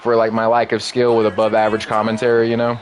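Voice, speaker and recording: A man's voice: on the low side, completely flat delivery, fast, a little hiss or hum. Rambling man chatting on a game stream. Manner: rambling, filler-heavy, friendly asides to viewers. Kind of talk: casual gaming stream chat. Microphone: desk mic in a home streaming room.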